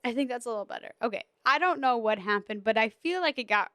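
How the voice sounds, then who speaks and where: A woman's voice: on the high side, animated, fast talker, a bit bright, clear, resonant tone, dry recording. A young woman hosting a podcast, telling stories in casual chat with lots of laughs and fillers. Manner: chatty storytelling with frequent laughs and fillers. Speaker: podcast host.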